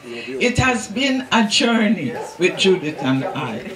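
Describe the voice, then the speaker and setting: An elderly Jamaican woman in her eighties speaks slowly and warmly at a party, chuckling between phrases. She is picked up from a distance in a big echoing hall, with a crowd murmuring around her. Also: lowish voice, sing-song. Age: 80s. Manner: laughs through her words, affectionate. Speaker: birthday celebrant giving a speech. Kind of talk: heartfelt party speech. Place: large echoey banquet hall. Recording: echoey hall, far mic, crowd noise.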